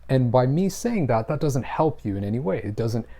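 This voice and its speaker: A man's voice: medium pitch, animated, fairly quick, dark tone. A man teaching an English grammar lesson, explaining patiently and stressing his example phrases. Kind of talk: scripted lesson to camera.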